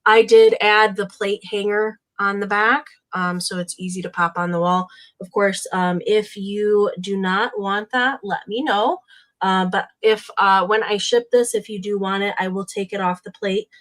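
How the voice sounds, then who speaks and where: A woman hosting a live vintage sale, describing each piece in an unhurried way with many uhs and ums. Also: medium pitch, fairly even intonation, fairly bright tone. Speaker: live sale host and seller. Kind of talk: casual live sale pitch.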